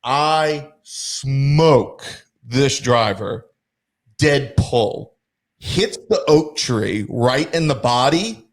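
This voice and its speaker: A man's voice: medium pitch, drawn-out words. Young guy on a podcast, storytelling, acts out everyone's lines. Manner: animated, acts out quotes. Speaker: podcast host. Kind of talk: casual storytelling.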